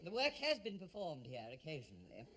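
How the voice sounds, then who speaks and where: A man's voice: fairly high pitch, huge pitch swings, brisk, a bit bright, slight background noise. A man playing a condescending theatre manager, polite on the surface but cutting. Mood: prim. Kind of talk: 1950s radio comedy acting.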